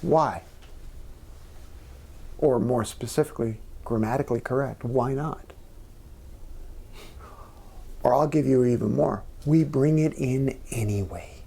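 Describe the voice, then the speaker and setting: Earnest man with a gravelly voice. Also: mid-range voice, unhurried, mellow. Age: middle-aged. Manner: earnest storyteller, drops to near-whisper at times. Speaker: guest speaker. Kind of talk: onstage conversation. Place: small members' club event room.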